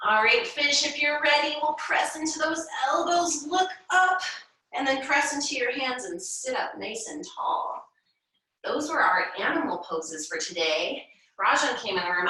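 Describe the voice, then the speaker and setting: A young woman leading a children's yoga class, giving gentle, encouraging, sing-song instructions. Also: mid-range voice, heavy reverb, distant mic, poor audio. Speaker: kids' yoga teacher.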